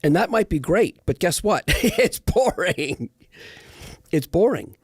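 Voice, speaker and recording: A man's voice: high-pitched, moderate pace, breathy edge, no room sound, studio quality. A middle-aged man, an actor as guest, telling stories in a casual interview and acting out the people he quotes. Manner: animated storyteller, quotes others.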